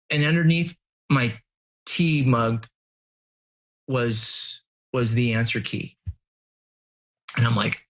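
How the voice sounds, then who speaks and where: A middle-aged man, a guest in an interview, telling personal stories in an earnest, animated way and laughing at himself. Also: mid-range voice, normal speed. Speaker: interview guest, family and business coach. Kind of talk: conversational storytelling.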